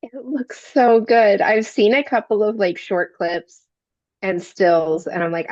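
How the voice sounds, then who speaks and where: A woman co-hosting a podcast, chatting in a relaxed, conversational way. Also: medium pitch, measured pace. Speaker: podcast co-host. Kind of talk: casual chat. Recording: dull, dry lo-fi recording.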